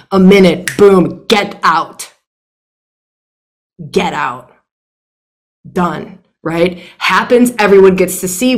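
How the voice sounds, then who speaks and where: A young adult woman leads a workshop with blunt, impassioned teaching, swearing freely and repeating phrases to drive points home. Her voice is lowish with a darkish tone.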